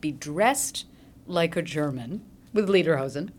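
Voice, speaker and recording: A middle-aged actress chatting casually as a guest, lively and quick with laughs. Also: female voice, sits low. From French Switzerland. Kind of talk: casual interview chat.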